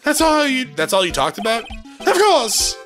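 A man's voice: extremely high pitch, sing-song, moderate pace, a bit bright, faint music behind, voice pushed up, exaggerated voice. A man voicing a vain, flamboyant male circus star who talks in a theatrical, showy way. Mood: smug. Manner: theatrical, drawls sweetie and fabulous.

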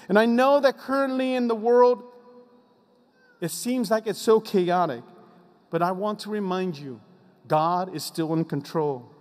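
A man giving an inspirational commencement speech, emphatic, sinking low and slow on his repeated refrains. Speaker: commencement speaker. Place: graduation ceremony venue. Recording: long reverb of a large venue.

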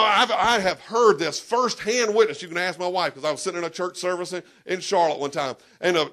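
A pastor preaching to his church, his voice high and gravelly. He is emphatic, swings into sudden shouts, and talks straight to the people in the pews. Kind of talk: sermon.

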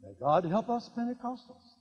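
An older man preaching a sermon, swinging between quiet asides and loud emphatic declarations and repeating key lines. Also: very high voice, very animated, normal speed, husky. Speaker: evangelist. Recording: dull lo-fi recording in a reverberant hall.

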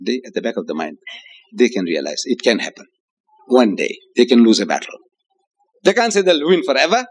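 A man's voice: medium pitch, sing-song, brisk, slightly rough. A man from Africa, giving an emphatic public lecture with rhetorical questions, repeated phrases and chuckling asides. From South Africa. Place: hotel lecture hall.

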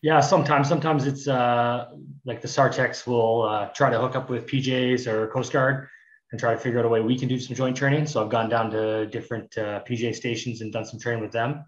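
Talking a little fast in a mid-range voice, a Canadian man chats casually as a guest, describing himself as a search and rescue technician. The call audio is roomy, dull, and lo-fi, and his relaxed delivery rambles with lots of filler words.

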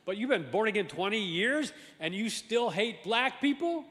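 A man preaching a sermon as pastor, animated and emphatic, swinging from loud exclamations to quiet asides and often repeating words. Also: high voice, moderate pace, long reverb tail. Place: large church sanctuary.

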